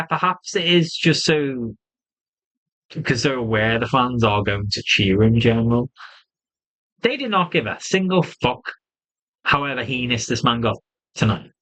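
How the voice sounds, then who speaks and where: A man giving a casual solo wrestling review, animated and swearing freely, often laughing. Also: medium pitch, low-quality recording.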